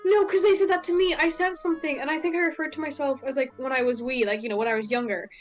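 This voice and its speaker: A young adult guest on a stream, chatting casually, laughing often and getting animated when amused. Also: sits high, quick pace, soft background music, rough recording. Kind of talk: casual chat.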